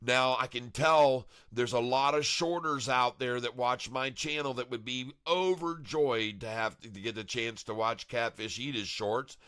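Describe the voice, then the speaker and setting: A man talking on his live day-trading stream with a bright, forceful edge to his voice. His recording sounds dry and close. He rambles in a loose, showy way and keeps hyping his viewers. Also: mid-range voice, steady tone, unhurried, few pauses, clear, resonant tone, no room sound. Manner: chatty and showy, chuckles often, hypes viewers as "ladies and gentlemen". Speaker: livestream day-trading host.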